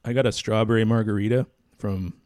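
A man co-hosting a casual podcast, easygoing but fond of making his case in a mock-formal way. His voice sits low. It is recorded dry and up close. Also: fairly even intonation, a little fast, darkish tone, no echo. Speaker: podcast co-host. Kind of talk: casual chat.

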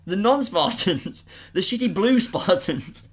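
A man's voice: high-pitched, takes it slowly. A man retelling a film plot in casual, sweary chat, laughing often. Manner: animated, laughing, sweary storytelling.

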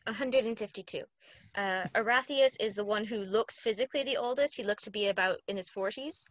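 A woman talking about the tabletop game she runs as game master, in a relaxed, rambling chat full of ums and asides. Her voice sits at a middle pitch, and the sound is dry and close with no room echo. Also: brisk. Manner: chatty, explains at length with fillers. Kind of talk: casual chat.

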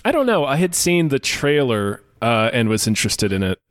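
A man co-hosting a podcast, chatting casually and laughing easily between halting remarks. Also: medium pitch, very animated, no echo, clean studio sound. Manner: easygoing, laughs often, trails off. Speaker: podcast co-host. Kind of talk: casual chat.

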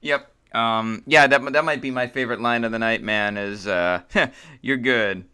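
A man's voice: mid-range voice, steady tone, a little slow, bright, forceful tone, smooth. A man co-hosting a podcast in casual chat, easygoing and agreeing along with his partner. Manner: easygoing, laughs along, short agreeing replies. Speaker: podcast co-host.

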